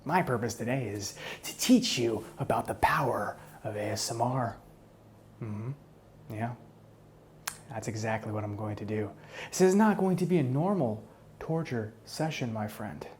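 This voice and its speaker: A man voicing a smug, menacing male hitman in a whispered role-play, taunting his captive in a soft, close voice. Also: medium pitch, unhurried, a little hiss or hum, natural voice. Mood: menacing calm. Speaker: ASMR role-play performer.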